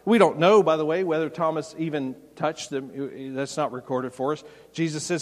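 A man's voice: on the high side, fairly even intonation, normal speed. A man preaching a sermon as a pastor, conversational and emphatic, with folksy anecdotes, in a church sanctuary. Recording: long reverb of a large hall.

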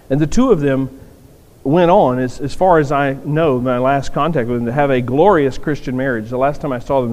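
A man's voice: mid-range voice, darkish tone. A man preaching a sermon in an earnest way, often repeating words for emphasis, in a church sanctuary. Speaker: pastor. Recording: long reverb of a large hall.

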